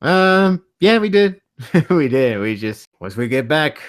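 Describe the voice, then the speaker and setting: A man hosting a casual podcast chat, animated, laughing often and swearing casually. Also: on the high side, slow pace. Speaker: podcast host.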